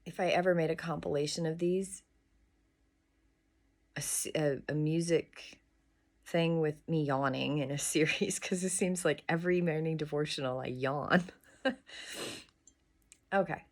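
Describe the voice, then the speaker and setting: A woman hosting a morning devotional, talking in a soft, musing way with pauses and small restarts. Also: lowish voice. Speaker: devotional host. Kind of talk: reflective morning devotional talk.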